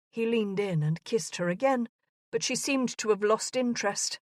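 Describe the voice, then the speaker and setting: A woman narrating a historical romance audiobook in a measured, even manner. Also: mid-range voice, no room sound, clean studio sound.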